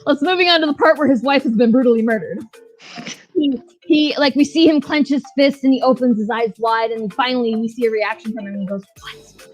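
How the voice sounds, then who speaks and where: Higher-voiced woman host swearing thru a show recap, faint music behind. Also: fast, dull audio. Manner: blunt, profane, joking. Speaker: podcast co-host. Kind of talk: casual recap chat.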